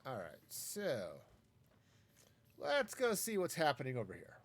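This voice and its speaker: A man's voice: on the high side, huge pitch swings, unhurried. A man casually talking through a live game stream, wry and self-mocking as he rambles. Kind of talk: casual gameplay commentary.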